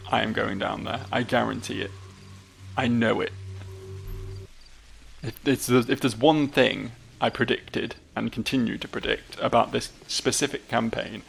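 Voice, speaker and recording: A man's voice: mid-range voice, fairly even intonation, measured pace, gravelly, a little hiss or hum. A man hosting a let's play, giving casual, rambling commentary with joking, mock-solemn asides.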